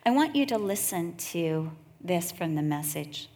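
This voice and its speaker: A middle-aged woman preaching a sermon, earnest and storytelling, with slow drawn-out emphasis. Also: on the low side, very animated, darkish tone. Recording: echoey hall.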